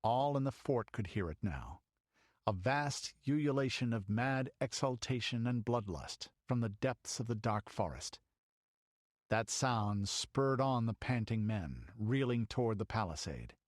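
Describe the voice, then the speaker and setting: A man's voice: medium pitch, animated, unhurried, dry recording, clean studio sound. A man reading an audiobook in dramatic storytelling narration. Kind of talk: scripted narration.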